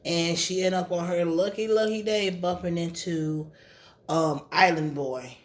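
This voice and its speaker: A woman recapping a TV episode in a casual, slangy, chatty way, getting animated and emotional as she retells scenes. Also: on the low side, measured pace. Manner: casual slangy speech with swearing. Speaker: TV recap reviewer.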